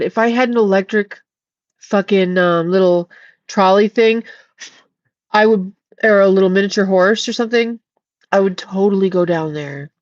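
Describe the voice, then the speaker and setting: Slow-talking profane woman streamer. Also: medium pitch, no room sound, dull audio. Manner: profane, rambling, jokey. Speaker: livestream host. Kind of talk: casual livestream chat.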